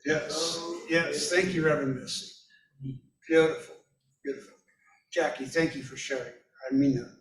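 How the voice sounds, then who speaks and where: Gentle man leading a service, roomy hall. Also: on the high side, steady tone, normal speed, a little hiss or hum. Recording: roomy hall, mic at a distance.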